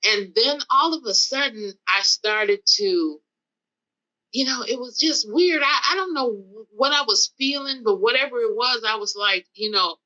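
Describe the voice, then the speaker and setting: A woman's voice: on the high side, a little slow, dull audio. A woman guest on a podcast, telling a story in casual talk and acting out the dialogue vividly. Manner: animated, vivid retelling with acted-out dialogue.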